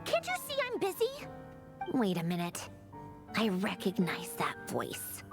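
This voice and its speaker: A grumpy game mechanic, brusque and lively. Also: female voice, fairly low pitch, unhurried, creaky, music in the background, full character voice. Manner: brusque, impatient. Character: gruff woman mechanic, grumpy but secretly caring. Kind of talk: video game voice acting.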